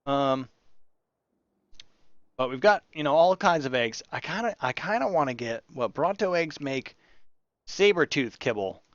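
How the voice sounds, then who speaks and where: A man's voice: on the high side, lively intonation, measured pace, pauses often, fairly bright tone, dry recording, lo-fi sound. A man hosting his gaming channel, chatting and rambling through his gameplay and talking to the animals in the game. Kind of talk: casual gameplay commentary.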